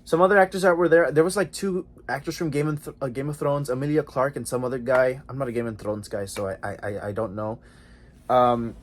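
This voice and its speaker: A young man recounting a recent outing to his vlog audience in a loose, excited way. He talks fast in bursts, drops slang and fillers all over, and sits at a mid-range pitch. It sounds like a casual at-home recording. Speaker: vlogger.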